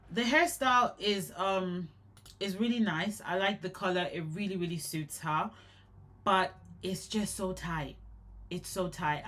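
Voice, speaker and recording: A young adult woman in casual live commentary on hair care, chatty and animated, often repeating and restarting words. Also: on the low side.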